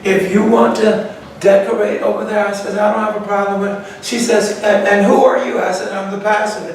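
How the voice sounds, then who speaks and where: A man who is a pastor, leading a Bible study and retelling conversations in a folksy, animated way. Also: high-pitched, brisk, slight background noise. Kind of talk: Bible study talk with storytelling. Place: church room. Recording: echoey room, distant mic.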